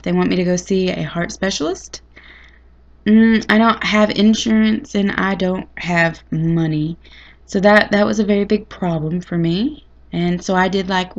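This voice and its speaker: A woman vlogger with a mid-range voice tells a personal story straight to the camera, chatty, dramatic, and folksy. The audio has its high frequencies cut off.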